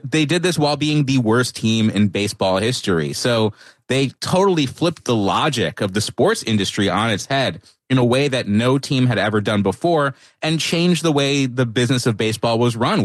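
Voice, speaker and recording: Male author guest, medium pitch, dry close sound, thoughtful and halting delivery. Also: no echo. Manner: thoughtful, halting with frequent restarts. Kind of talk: conversational interview answers.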